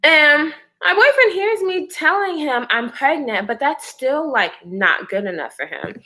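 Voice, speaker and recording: A pregnant woman chatting to her viewers, telling a personal story in a lively, expressive way. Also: sits high, unhurried. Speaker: vlogger. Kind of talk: casual storytime chat.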